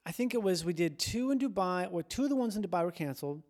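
High-voiced, rambling man comedian. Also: expressive, fast talker, darkish tone. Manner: rambling, loose and conversational. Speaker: stand-up comedian. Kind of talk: casual podcast chat.

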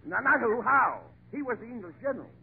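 A man playing the straight man in an old-time radio comedy routine, brisk and exasperated as he corrects his partner. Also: very high-pitched, lively intonation, vocal fry. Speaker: straight man in a double act. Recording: tinny old radio broadcast with hiss.

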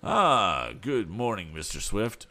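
A man's voice: fairly low pitch, very animated, slow, pushed and bright, full character voice. A man reading an audiobook, voicing a polite, persuasive male business agent. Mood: coaxing. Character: smooth persuasive middle-aged male agent.

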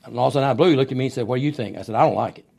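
A middle-aged man with a gravelly, low-middle voice, spinning long anecdotes in a studio interview. He slips into the voices of the people he quotes as the stories roll on. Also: racing. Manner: animated storyteller who acts out quoted voices. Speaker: wrestling booker and promoter, podcast guest. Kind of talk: storytelling interview. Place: podcast studio.

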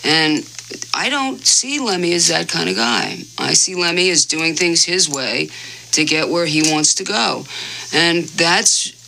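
A man's voice: on the high side, expressive, measured pace, gravelly, bright, forceful tone, slight background noise, poor audio. A man giving an emphatic opinion in an interview. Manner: emphatic, repeats "you know".

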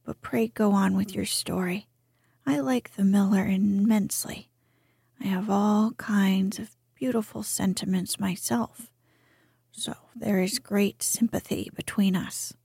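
Woman doing a fussy pompous water rat, storybook, whispered role-play, breathy, slow. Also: medium pitch, steady tone, dark tone, no room sound, clean studio sound.

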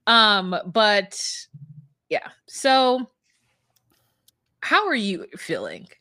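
A woman's voice: mid-range voice, wildly swooping pitch, very slow, sharp tone, clear, resonant tone, no room sound, clean studio sound. A woman co-hosting a casual podcast, playful and rambling, sometimes breaking into sing-song asides. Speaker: podcast co-host.

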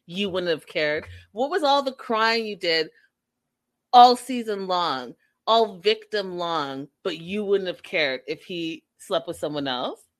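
A woman's voice: on the low side, expressive, takes it slowly. A young woman giving blunt, sarcastic commentary in a casual way, swearing at times.

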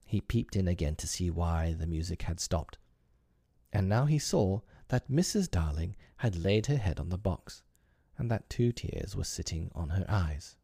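A man narrating a storybook in an expressive, wry way. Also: deep voice, unhurried, vocal fry, slightly rough, no echo, studio quality.

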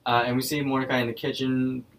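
A young man co-hosts a podcast, casually recapping a cartoon episode in a quick, level, medium-pitched voice. He often restarts sentences, and the poor audio sounds recorded from a distance.

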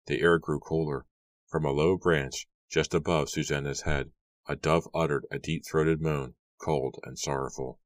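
A man narrating a horror audiobook in a hushed, suspenseful storytelling manner. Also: a bass voice, steady tone, unhurried, no room sound.

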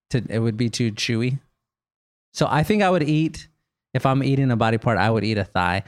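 A man's voice: mid-range voice, smooth, no room sound, studio quality. A man hosting a comedy podcast, answering listener questions in a loose, joking storytelling manner. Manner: animated storyteller, quick bursts of laughter, jokey. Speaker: podcast host. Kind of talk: casual comedic Q&A.

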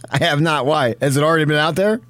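A man's voice: fairly high pitch, fairly bright tone, no echo. A man co-hosting a sports radio show, bantering playfully and chanting silly lines in a sing-song way. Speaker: radio co-host. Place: radio studio.

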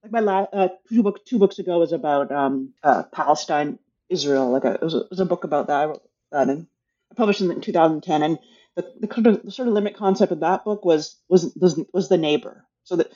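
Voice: medium pitch, fast, warm tone, husky, lo-fi sound. An author talking casually about their book, hesitant and thinking aloud, with many restarts. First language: English.

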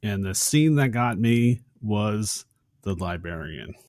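A man's voice: fairly low pitch, expressive, takes it slowly, darkish tone, no echo, clean studio sound. A man co-hosting a casual podcast, summarizing a film in a friendly way. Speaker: podcast co-host.

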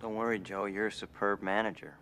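An actor playing a calm young store clerk who speaks flatly. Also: male voice, on the low side, a little fast. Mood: deadpan. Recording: noisy film clip.

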